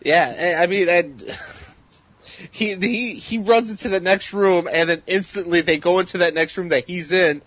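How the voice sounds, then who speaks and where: Halting man on a dry lo-fi mic. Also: sits high, a bit bright, no echo. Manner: halting, many fillers and restarts, laughs easily. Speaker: podcast co-host. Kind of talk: casual movie review chat. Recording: dry, dull lo-fi sound.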